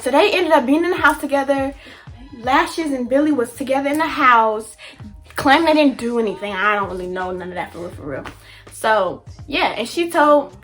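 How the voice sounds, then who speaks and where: A young woman vlogger telling a story in a chatty, animated way, full of slang and fillers. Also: high voice. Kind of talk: casual storytime.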